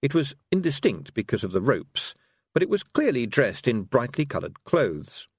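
A man reading a story aloud as narrator, with a wry, expressive delivery. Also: medium pitch, normal speed, husky, dry recording. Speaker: audiobook narrator. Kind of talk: scripted narration.

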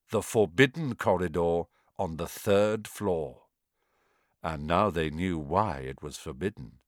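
Expressive male audiobook narrator, dry sound. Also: low-pitched, no echo. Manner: expressive, dramatic.

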